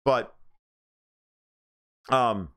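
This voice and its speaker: A man's voice: drawn-out words, bright, forceful tone, clean tone. A man from the United States hosting a political livestream, reading chat comments and answering them in a blunt, sarcastic and profane way. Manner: mocks others in high squeaky voices.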